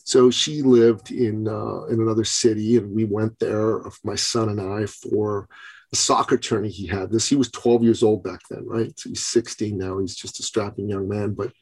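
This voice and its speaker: Man, husky, casual interview host, animated storyteller. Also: fairly low pitch, normal speed. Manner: animated storyteller, acts out quotes. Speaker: podcast host.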